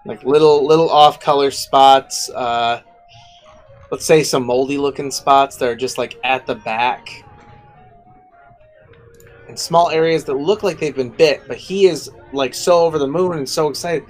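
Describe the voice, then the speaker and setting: A man's voice: medium pitch, unhurried, faint music behind, poor audio. A man narrating a tabletop game as game master, casual and rambling.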